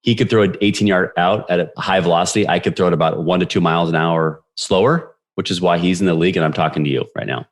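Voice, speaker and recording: A man's voice: deep voice, fairly even intonation, fast, few pauses. A man in his forties, a podcast guest, retelling a sports story with energy and quoted voices. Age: 40s. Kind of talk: storytelling interview.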